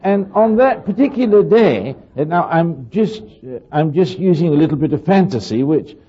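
A man's voice: fairly high pitch, lively intonation, moderate pace, husky, lo-fi sound. An older man giving a rambling, anecdotal talk to an audience, often asking his listeners questions and acting out little voices. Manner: chatty, asks listeners questions, acts out voices.

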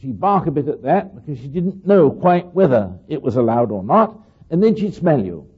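A man's voice: fairly high pitch, big pitch swings, normal speed, breathy edge, narrow, tinny audio. An older man giving a rambling, anecdotal talk to an audience, often asking his listeners questions and acting out little voices. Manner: chatty, asks listeners questions, acts out voices.

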